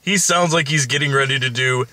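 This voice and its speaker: A man's voice: mid-range voice, fairly quick, bright, forceful tone, no room sound. A man co-hosting a casual film review, rambling with lots of fillers and casual swearing.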